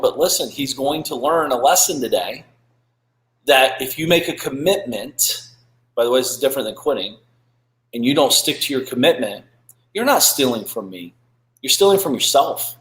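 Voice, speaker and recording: A man's voice: medium pitch, a bit bright. Blunt, swearing man in an echoey room. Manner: blunt, preachy, swears freely. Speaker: podcast host. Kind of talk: blunt motivational talk.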